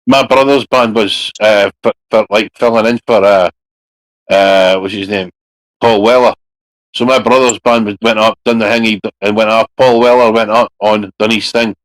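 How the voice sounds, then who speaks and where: A man's voice: lowish voice, steady tone, moderate pace, dry recording, low-quality recording. A man who is a guest on a livestream, chatting in a laid-back, rambling way. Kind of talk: casual stream chat.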